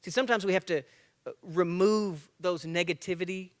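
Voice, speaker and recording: Man, forties, high-pitched voice, guest speaker, motivational talk, acts out dialogue, self-mocking jokes, live church breakfast. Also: fairly quick. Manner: lively storyteller acting out dialogue.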